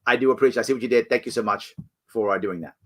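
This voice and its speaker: A man hosting a live ask-me-anything stream, talking casually with many restarts and jumping up in pitch when he acts out other people. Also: very fast. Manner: animated, acts out quoted voices with big jumps in pitch; frequent restarts and self-corrections. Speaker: host answering live chat questions.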